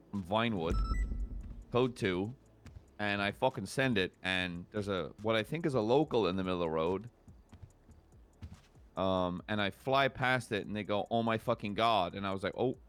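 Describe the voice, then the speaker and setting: A man's voice: on the low side, fairly bright tone, clear, resonant tone. A man in character as a police officer, telling a story in casual, profane roleplay chat. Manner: casual, swears a lot, storytelling.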